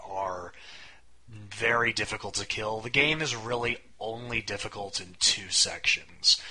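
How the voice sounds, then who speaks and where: Young male podcast co-host, low-ish voice, rambling and wry. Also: bright, forceful tone, poor audio. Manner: rambling, wry, swears casually. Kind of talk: casual podcast chat.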